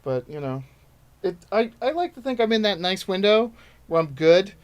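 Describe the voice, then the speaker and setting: A stand-up comedian in his thirties chats loosely on a podcast. He talks in a rambling, self-deprecating way. His voice sits a little higher than most men's. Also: sing-song, moderate pace. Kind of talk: casual podcast chat.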